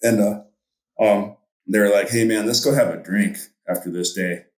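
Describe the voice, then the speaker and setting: Low-voiced rambling fishing guide, roomy sound. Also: male voice, steady tone, moderate pace. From Montana. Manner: rambling, with many fillers and restarts. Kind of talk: casual storytelling interview.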